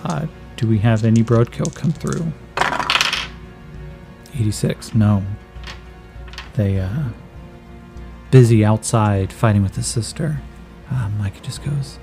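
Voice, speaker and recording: A man's voice: on the low side, takes it slowly, vocal fry, long pauses, music in the background. A man narrating a solo tabletop role-playing game, thinking aloud and calling out dice rolls in a casual way.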